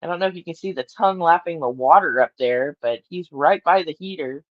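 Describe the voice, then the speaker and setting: A woman's voice: sits low, a little fast, no echo. Chatty woman on a muffled livestream. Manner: rambling, chatty, laughs often, talks to her cat. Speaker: livestream host. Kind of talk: casual morning livestream chat. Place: at home, in her bedroom.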